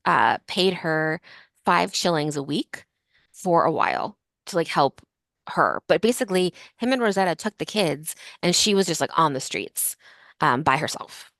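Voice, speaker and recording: A woman's voice: sits low, expressive, moderate pace, fairly bright tone, no echo, clean studio sound. A woman hosting a casual history podcast, telling a story in a chatty way full of fillers like "like" and "um". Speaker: podcast host.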